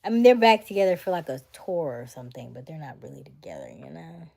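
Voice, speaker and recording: A woman's voice: low voice, huge pitch swings, fast, vocal fry, mellow. A young woman hosting a casual livestream, chatting and reading viewer comments, sometimes slipping into a whisper. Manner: chatty, drops to a whisper at times. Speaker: livestream host reading chat. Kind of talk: casual live chat.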